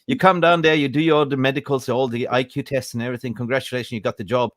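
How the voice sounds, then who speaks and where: A man's voice: mid-range voice, steady tone, fast talker, a bit bright, dry recording, studio quality. A man hosting a casual football podcast, chatty and jokey, greeting viewers by name. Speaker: podcast host. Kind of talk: casual live-stream football chat.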